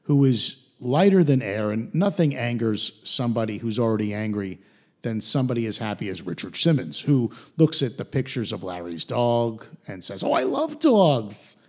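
A man hosting a podcast, recapping a TV episode in an animated way. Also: on the low side, normal speed. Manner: animated retelling with put-on quote voices. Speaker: podcast host.

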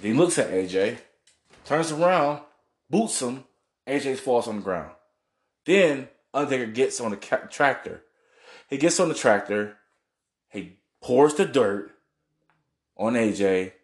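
A man's voice: mid-range voice, lively intonation, measured pace, pauses often, roomy sound. A man casually recapping a wrestling show on video, rambling, laughing and swearing as he goes. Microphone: camera mic, seen on video.

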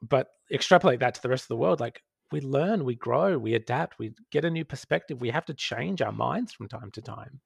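A man's voice: medium pitch, animated, a little fast, gravelly, hardly any pauses, breathy edge, dry recording. A man guesting on a podcast, talking in a reflective, rambling way with many fillers. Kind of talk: casual chat.

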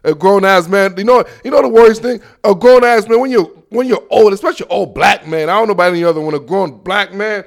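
A man hosting a solo football talk show, boastful and slangy, telling stories with animated asides. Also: sits high, fast, gravelly, hardly any pauses. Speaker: sports show host. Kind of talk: casual solo sports talk.

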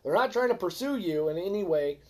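A man hosting a podcast, ranting in a fervent, preachy way, calling his listeners folks and swinging from low mutters to loud exhortation. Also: lively intonation, brisk. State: frustrated. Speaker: podcast host. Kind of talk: ranting religious podcast monologue.

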